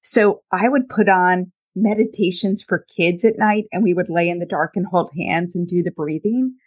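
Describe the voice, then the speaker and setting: Candid woman telling a story, low voice. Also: moderate pace. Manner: candid, uses fillers, tells anecdotes. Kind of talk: casual personal storytelling.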